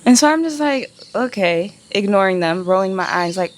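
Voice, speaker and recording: A woman in a casual vlog, telling her story in an animated, indignant way and swearing freely. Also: medium pitch, normal speed, a little hiss or hum. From United States. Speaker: travel vlogger.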